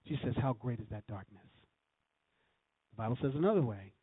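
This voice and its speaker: A man's voice: mid-range voice, animated, brisk, slightly rough, no room sound. A man preaching a sermon, quoting scripture and telling a story, with emphatic swells on key lines. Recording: tinny phone-like recording.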